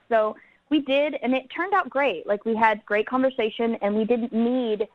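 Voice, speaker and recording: A woman's voice: fairly high pitch, normal speed, no room sound. Chatty woman caller on a dull phone line. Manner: giggly, chatty storytelling. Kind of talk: phone-in chat.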